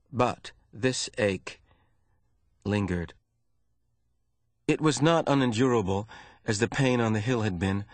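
A man narrating a novel in a measured storytelling manner. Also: dry recording. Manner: measured storytelling, rising in pitch during tense passages. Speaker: audiobook narrator. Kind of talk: scripted narration.

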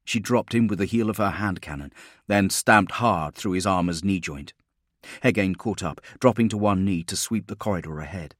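A man giving steady, measured scripted narration of an audiobook. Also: sits low, no echo, studio quality.

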